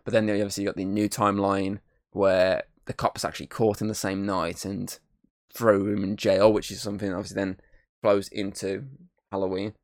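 A man's voice: lowish voice, flat delivery, moderate pace, no echo, studio quality. A man giving a casual, rambling film review, swearing freely and humming bits of tunes.

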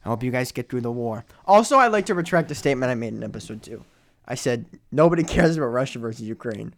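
A young man co-hosting a casual podcast chat, rambling through stories with lots of fillers and sudden drops and rises in loudness. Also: medium pitch, animated, quick pace, slight background noise. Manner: rambling, filler-heavy storytelling with big swings in loudness. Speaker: podcast co-host.

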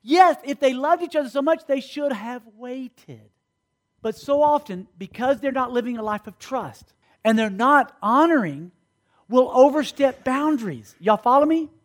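A man's voice: extremely high pitch, expressive, measured pace. A man, a youth pastor preaching, telling stories, acting out characters and calling for responses from the group. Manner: storytelling, acts out characters, calls for responses. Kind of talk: sermon.

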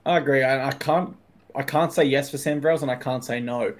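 A man's voice: medium pitch, a little fast. Man steering a casual footy chat. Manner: conversational, leads the segment with questions, frank asides. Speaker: podcast co-host. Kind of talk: casual sports podcast chat.

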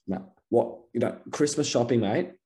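A man's voice: mid-range voice, lively intonation, normal speed, mellow. A young man with an Australian accent, co-hosting a podcast in casual chat and rambling through his stories with lots of restarts. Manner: rambling, full of fillers and restarts. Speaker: podcast co-host.

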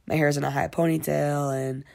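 Give me a young woman with heavy vocal fry, chatting casually and rambling like a diary vlog. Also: low-pitched, little pitch movement, brisk, a little mellow. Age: young adult. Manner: rambling, filler-heavy, frequent swearing. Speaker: vlogger. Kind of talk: casual diary-style chat.

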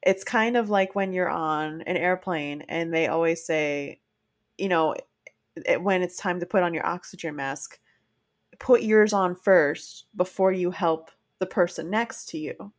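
A woman's voice: on the low side, unhurried. A woman co-hosting a casual chat podcast, talking earnestly and acting out quoted lines as she tells stories. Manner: earnest, animated storytelling with acted-out quotes. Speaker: podcast co-host.

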